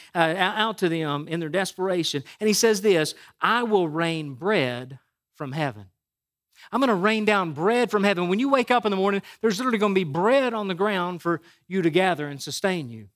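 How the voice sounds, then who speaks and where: High-voiced pastor preaching conversationally. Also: male voice, animated, a little fast, hardly any pauses, fairly bright tone. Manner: conversational, repeats words, asks the crowd "right?". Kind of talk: sermon.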